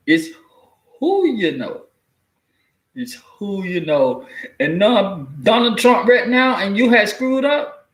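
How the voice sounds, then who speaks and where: A man's voice: high-pitched, fairly bright tone, roomy sound. A man giving casual spoken commentary, loose and profane, telling stories with mock quotes. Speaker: commentary vlogger.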